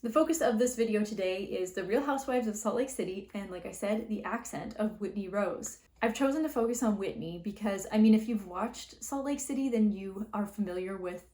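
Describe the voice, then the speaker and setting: A woman's voice: medium pitch, a little fast, hardly any pauses, warm tone, reverberant. Chatty Canadian woman explaining linguistics. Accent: Canadian English. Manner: chatty, many fillers and likes. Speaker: linguistics video host. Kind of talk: casual explainer video.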